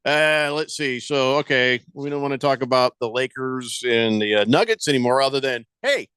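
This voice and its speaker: A man's voice: medium pitch, fairly even intonation, normal speed, fairly bright tone, clear, resonant tone, no echo. A man hosting a sports radio show, chatting casually with dry, playful humor and reading listener texts aloud.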